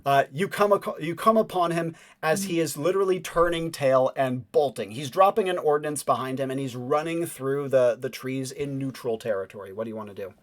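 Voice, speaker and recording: A man's voice: mid-range voice, a little fast, few pauses. A man running a tabletop game as game master, narrating loosely with lots of fillers and laughing along.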